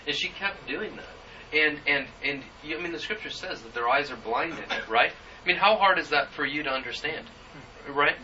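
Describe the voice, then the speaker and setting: Earnest preacher, bright voice, distant. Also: male voice, mid-range voice, a little hiss or hum. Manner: earnest, halting storytelling with many fillers. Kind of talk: sermon with personal story. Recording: muffled, distant church recording.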